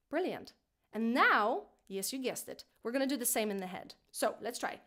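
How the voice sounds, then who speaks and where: Lively high-voiced singing teacher woman. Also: moderate pace. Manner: encouraging, playful, demonstrates high head voice. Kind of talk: online singing lesson.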